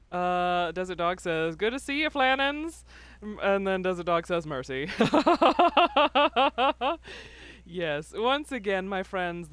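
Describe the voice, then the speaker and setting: A woman's voice: on the low side, a bit bright, clear, resonant tone, no room sound. A woman streaming live who chats casually, laughs often and reads viewers' messages aloud. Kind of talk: casual livestream chat.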